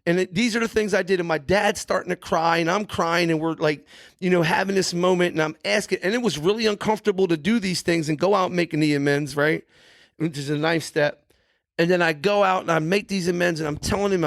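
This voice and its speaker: Middle-aged man, podcast guest, earnest emphatic storyteller, slightly high voice, dry close recording. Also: steady tone, normal speed, no room sound. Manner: earnest, emphatic, with frequent "you know" and "right". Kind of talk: candid storytelling.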